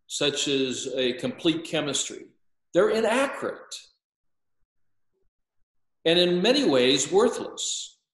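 A man's voice: on the high side, a bit bright, reverberant, low-quality recording. An older man explaining at length as an interview guest, hesitant, with frequent filler sounds and restarts. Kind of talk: lecturing explanation.

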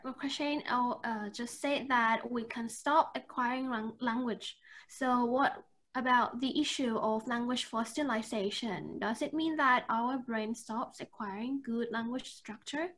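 Moderator, female, slightly high voice, hesitant and halting as she reads a question. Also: fairly bright tone. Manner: hesitant, with fillers and restarts. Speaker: webinar moderator reading questions. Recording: video call.

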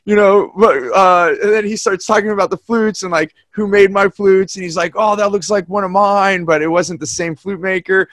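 A man's voice: sits high, normal speed, hardly any pauses, no echo, studio quality. A man hosting a podcast, chatting casually and telling stories that he acts out with quoted voices. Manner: animated storyteller who acts out quoted people. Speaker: podcast host. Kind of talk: casual conversation, storytelling. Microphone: podcast mic.

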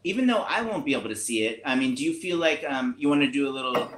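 A man's voice: medium pitch, animated, quick pace, fairly bright tone. A man reading a children's book aloud over a video call, enthusiastic and playful, laughing often. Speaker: author reading a picture book. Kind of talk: storytime read-aloud. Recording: roomy echo on a video call.

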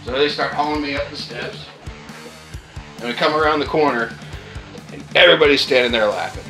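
A man's voice: fairly high pitch, a little fast, over music, rough recording. A man casually telling a personal story, chatty and full of fillers. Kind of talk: casual spoken anecdote.

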